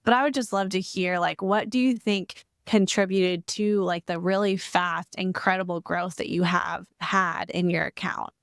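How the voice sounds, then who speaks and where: A woman's voice: fairly low pitch, steady tone, moderate pace, creaky, hardly any pauses, no echo, studio quality. A woman hosting a podcast interview, affirming her guest and asking encouraging questions. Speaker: podcast host.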